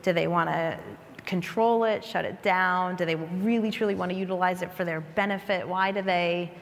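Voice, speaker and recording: A woman moderating a conference panel, asking measured, thoughtful questions. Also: lowish voice, steady tone, in a large hall. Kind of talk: panel discussion. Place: conference stage.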